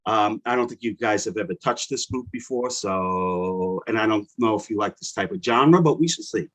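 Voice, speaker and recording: A man co-hosting a music reaction show, easygoing and quick to laugh in casual chat. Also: lowish voice, a bit bright. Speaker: co-host picking songs.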